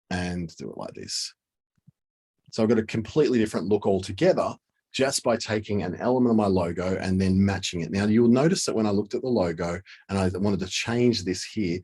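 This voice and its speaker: Low husky male tutor, casual and thinking aloud, for a screen tutorial. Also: a little mellow. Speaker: design tutor. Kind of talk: screen-share software tutorial.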